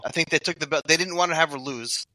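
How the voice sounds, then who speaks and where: A man in his forties, a podcast guest, quick and jokey in casual chat. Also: on the high side, bright, forceful tone, no echo.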